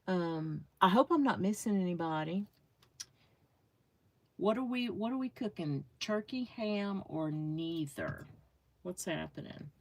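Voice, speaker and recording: A woman's voice: lowish voice, expressive, a little slow, dry recording. A middle-aged woman chatting casually with viewers while crafting on a livestream, greeting them by name and thinking aloud.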